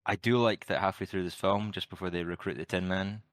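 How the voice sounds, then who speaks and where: A man in casual podcast chat, with a lowish voice and a dry, close sound. He talks about films loosely, swears a lot and laughs through his retellings. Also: steady tone, brisk, a bit bright, dry recording. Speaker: podcast co-host. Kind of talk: casual film review chat.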